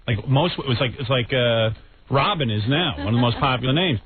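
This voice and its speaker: A man's voice: medium pitch, animated, fairly quick, crowd noise. A man hosting a radio show, riffing crudely with mock outrage in comic banter. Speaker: radio host. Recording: tinny phone-like band with music behind.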